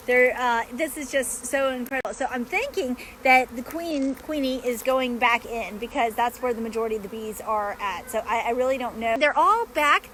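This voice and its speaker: A woman beekeeper talking chattily while filming in her backyard, excitable, laughing often and coaxing the bees. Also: on the high side, a little hiss or hum. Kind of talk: casual outdoor vlog narration. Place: backyard outdoors.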